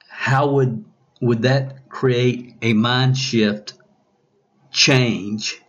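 A man's voice: mid-range voice, fairly even intonation, very slow, fairly bright tone, muffled recording. A male coach hosting a podcast, asking his listeners question after question and often restarting his sentences. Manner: probing, repeats questions, many restarts. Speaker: business coach.

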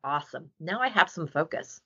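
A woman dog trainer chats casually on a podcast, telling stories in an animated way with plenty of fillers. Her voice swings lively up and down with a bright, slightly husky tone. The recording sounds dull and lo-fi. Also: low-pitched, brisk. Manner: animated storytelling with many fillers.

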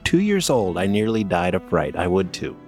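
A man's voice: low-pitched, very animated, moderate pace, a little mellow, faint music behind. A man co-hosting a podcast, reading listener stories aloud in a plain way and trading dry banter. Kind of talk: casual podcast chat and story reading.

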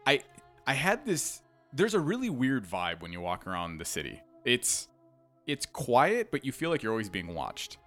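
A man co-hosting a casual video game review podcast, talking in an animated way and laughing often. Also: medium pitch, moderate pace, soft background music. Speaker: podcast co-host.

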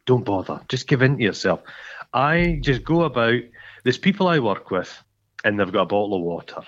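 A man's voice: mid-range voice, very animated, normal speed. A Scottish man co-hosting a casual podcast, teasing his friend and telling stories with mock grandeur. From Scotland. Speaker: podcast co-host. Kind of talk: casual chat. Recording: dull lo-fi sound.

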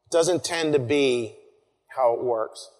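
Earnest male preacher in a reverberant church. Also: mid-range voice. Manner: earnest, pauses and repeats phrases, drops to soft near-whispers. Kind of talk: sermon. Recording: long reverb.

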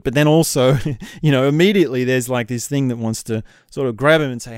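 A man muses aloud to his camera in a loose, rambling vlog, circling his thoughts and checking in with a "right?" every few lines. His voice is smooth and clear at an everyday middle pitch, and the camera mic picks it up dry, with no echo from the small room. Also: a little fast, few pauses. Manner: reflective, rambling, animated, frequent "right?" asides. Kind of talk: casual vlog monologue to camera.

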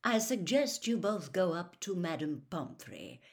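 A woman's voice: sing-song, gravelly, exaggerated voice. A woman doing amused old wizard Dumbledore. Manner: deep, amused, unhurried. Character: kindly ancient male headmaster wizard.

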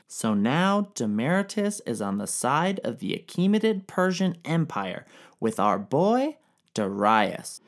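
A man's voice: medium pitch, very animated, measured pace. A young man retelling ancient history as a comedy, slangy and profane. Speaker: narrator.

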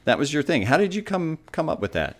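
A man's voice: fairly high pitch, very animated, quick pace. A man, a radio host, chatting casually and asking easygoing, teasing questions. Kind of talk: casual interview chat.

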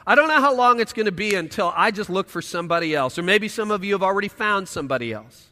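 Male pastor, sermon delivery, forceful tone, reverberant church hall. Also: high voice, expressive, fast. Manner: swings from loud emphatic lines to hushed quiet asides.

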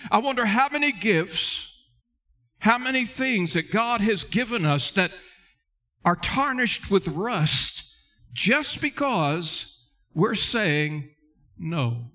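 A man's voice: a little high, a bit bright. A male pastor preaching a sermon earnestly, addressing listeners directly and repeating key words for emphasis.

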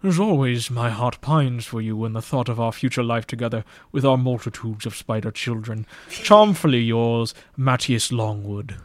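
A man voicing an older gentleman reading a love letter in a slow, formal, wistful way. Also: medium pitch, no room sound, close to an everyday voice.

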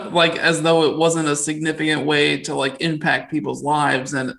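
A male pastor hosting a casual conversation, relaxed and joking at his own expense. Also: fairly high pitch, a little slow, creaky, rough recording. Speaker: pastor and host.

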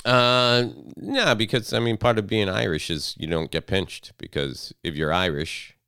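A man in his thirties co-hosting a casual podcast, joking and slipping into loud mocking impressions. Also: lowish voice, unhurried, gravelly, clear, resonant tone, no echo, studio quality. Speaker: podcast co-host. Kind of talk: casual banter.

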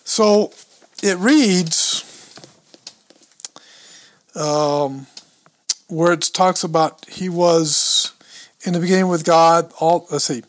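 Slowly and with frequent pauses, a man with a highish voice teaches a Bible passage on a podcast, reading verses and Greek words aloud with stumbling pronunciation and musing aloud as he checks his books.

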